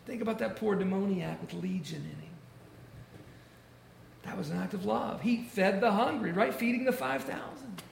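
A man preaching a sermon, stressing key phrases by repeating them slowly. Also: high-pitched, gravelly. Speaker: pastor. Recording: echoey room with faint noise.

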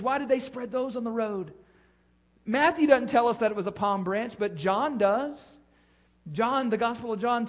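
A man with a very high voice preaches a sermon. His cadence rises and falls as he repeats phrases for emphasis. The recording sounds muffled and lo-fi. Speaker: pastor.

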